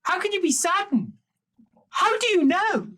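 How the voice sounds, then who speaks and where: A man's voice: very high-pitched, animated, unhurried, pushed and bright, voice pushed up, full character voice. A man voicing a nervous, doubtful young man who stammers out anxious questions.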